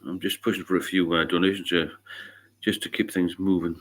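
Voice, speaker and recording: A middle-aged man from England chats casually on a livestream in a very low voice. He talks bluntly and swears freely. He drifts into long rambling stories. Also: level tone, brisk, fairly bright tone. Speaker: livestream host.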